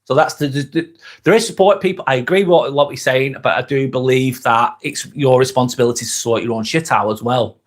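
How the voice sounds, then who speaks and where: A man's voice: medium pitch, a little fast. A man hosting a live motivational vlog, chatting bluntly and casually with viewers, swearing freely and repeating his points for emphasis. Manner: talks while eating a snack. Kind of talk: live motivational chat reading viewer comments.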